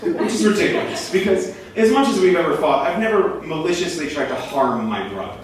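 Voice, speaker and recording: Young male storyteller on a small theater stage, lively and loud at the peaks, recorded from a distance with a faint hiss. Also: fairly high pitch, brisk, hardly any pauses. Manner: animated, rising to near shouts at peaks. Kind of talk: live comic storytelling on stage. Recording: echoey room from a distance.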